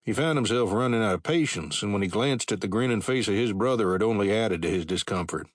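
Low-voiced male audiobook narrator. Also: lively intonation, fast, no room sound, clean studio sound. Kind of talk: scripted narration.

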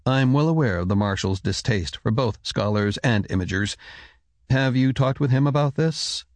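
A man voicing the measured, diplomatic head of a scholarly order. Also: mid-range voice, no room sound, lightly acted. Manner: calm, careful, diplomatic.

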